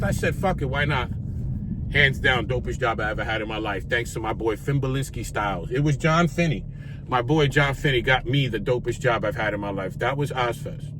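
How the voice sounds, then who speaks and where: A man's voice: mid-range voice, a little fast, noisy background. A man telling a story in casual street slang, swearing freely and acting out what people said. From Puerto Rico. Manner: animated, profane street slang, acts out quotes. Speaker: vlogger telling stories.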